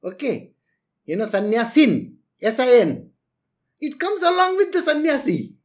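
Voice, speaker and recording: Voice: high-pitched, wildly swooping pitch, a little slow. A spiritual teacher giving a lecture on renunciation, laughing often and acting out quotes.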